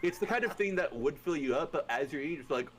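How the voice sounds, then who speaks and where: A man running a tabletop game as game master, narrating casually and with lots of swearing, jumping into loud voices for the players' characters. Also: a little high, lively intonation, fast talker, background noise. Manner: profane, laughing, acts out players' lines in bursts.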